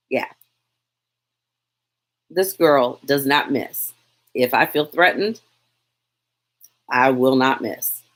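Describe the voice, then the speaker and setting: A woman, chatting casually on a live stream from her phone and answering viewer questions. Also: sits low. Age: 40s. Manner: chatty, lively, laughs often, reads comments aloud. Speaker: lifestyle vlogger, live Q&A host.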